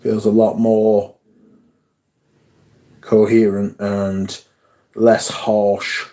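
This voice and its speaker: Mellow-voiced man chatting on a live stream. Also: fairly low pitch, flat delivery, very slow. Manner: chatty, swears casually, reads viewer comments aloud. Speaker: streamer reading chat. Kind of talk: casual live-stream chat.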